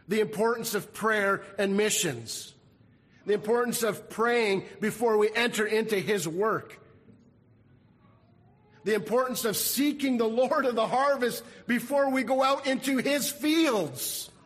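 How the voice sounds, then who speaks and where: Pastor guy preaching, high voice, hangs in a big echoey church, keeps repeating the main line. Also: unhurried. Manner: earnest preaching, repeats key phrases. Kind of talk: sermon. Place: church sanctuary.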